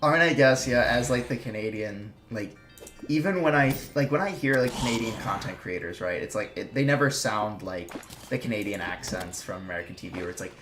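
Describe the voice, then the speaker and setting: A man's voice: lowish voice, lively intonation, brisk, a bit bright, soft background music. A man with a slight Minnesota accent chatting casually while gaming, rambling with lots of fillers and restarts. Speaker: streamer and video maker. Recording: echoey room with clear background noise.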